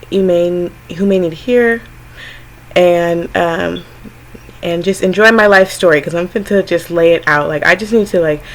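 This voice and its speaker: A woman's voice: on the low side, poor audio. A young adult woman vlogging to camera, telling a personal story in a rambling, frank, chatty way with lots of fillers, acting out family members in quotes. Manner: acts out her younger self and family in quotes.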